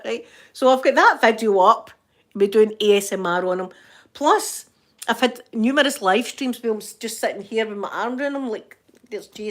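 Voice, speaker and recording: Chatty older Scottish woman vlogging. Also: medium pitch. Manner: chatty and rambling, laughs often, warm asides to viewers. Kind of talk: casual chat to camera. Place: at home.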